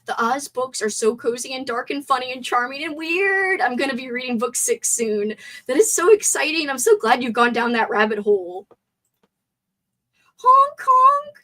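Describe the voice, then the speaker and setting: A woman hosting a casual live stream movie chat with a sore throat. She is chatty and excitable, and reads viewer comments aloud. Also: high-pitched, fairly quick, low-quality recording.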